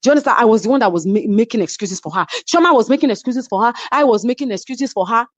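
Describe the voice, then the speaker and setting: A middle-aged woman with a Nigerian accent, a reality show cast member telling a story in casual chat, animated and heated, slipping into Yoruba phrases. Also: a little high, rapid-fire, no room sound. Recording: slightly muffled lo-fi sound.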